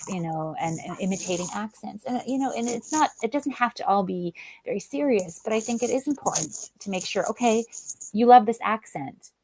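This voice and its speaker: A woman's voice: medium pitch, lively intonation, a little fast, hardly any pauses, darkish tone, a little hiss or hum, poor audio. A woman speaking as an interview guest, thoughtful and full of "you know" fillers. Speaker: guest author and linguist. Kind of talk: interview conversation.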